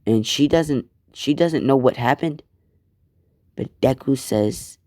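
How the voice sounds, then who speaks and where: A man telling a fan story in a laid-back, rambling way, swearing now and then. His voice is dark and mellow, and he speaks unhurriedly. The sound is close and dry. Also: mid-range voice, takes it slowly, no room sound. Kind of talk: casual fan-fiction storytelling.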